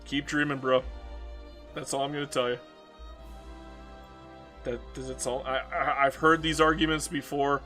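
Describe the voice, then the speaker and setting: A man's voice: fairly high pitch, a little slow, pushed and bright, faint music behind. A man streaming a strategy game, chatting casually and ranting with frequent laughs and stammered restarts. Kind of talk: casual chat while gaming.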